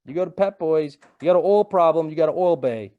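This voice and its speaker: A man's voice: fairly high pitch, a little fast, no echo, narrow, tinny audio. A middle-aged man giving a webinar presentation in a casual, conversational way, repeating phrases and checking in with "right?".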